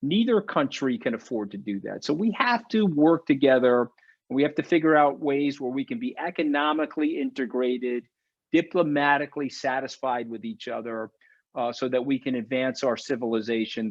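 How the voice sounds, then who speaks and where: A man's voice: medium pitch, normal speed, no echo. Fired-up man on a dull, dry call line. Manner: fired up, preachy. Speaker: webinar guest speaker. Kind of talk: impassioned webinar talk.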